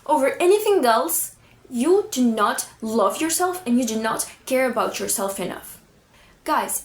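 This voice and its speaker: A woman's voice: high voice, echoey room. A woman vlogger giving direct, emphatic confidence advice straight to her viewers.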